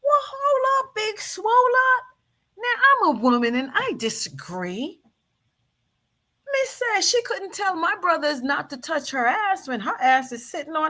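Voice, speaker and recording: A woman's voice: very high-pitched, unhurried. A woman hosting a casual live stream, teasing and commenting on a video clip while greeting her chat. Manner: animated, teasing, talks back at the clip and the chat. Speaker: show host reacting to a video clip.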